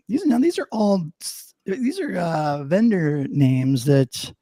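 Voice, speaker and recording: A man's voice: high-pitched, lively intonation, slow pace, warm tone, no room sound, clean studio sound. A middle-aged man co-hosting a live show, chatting casually with plenty of fillers and restarts, and slipping into a mock news-anchor delivery for headlines. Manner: rambling, many fillers and restarts. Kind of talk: casual live-stream chat.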